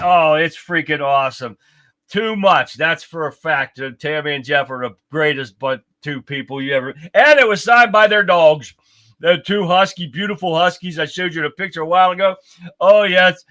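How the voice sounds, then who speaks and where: A man's voice: on the high side, sharp tone. A man in his fifties hosting a live-stream podcast, chatting casually and greeting viewers one by one. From United States. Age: 50s. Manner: upbeat, chatty, calls out to viewers. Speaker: livestream podcast host.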